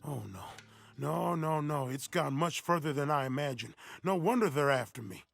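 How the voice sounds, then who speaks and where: A man's voice: on the high side, moderate pace, gravelly, a bit bright, no room sound, soft background music. A man voicing a suspicious, frightened recluse who speaks curtly from behind his door. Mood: alarmed. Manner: curt and suspicious.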